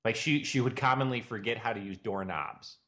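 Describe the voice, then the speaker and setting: A man's voice: mid-range voice, brisk, bright, forceful tone. A man co-hosting a casual comedy podcast, joking and rambling as he riffs on words. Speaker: podcast co-host.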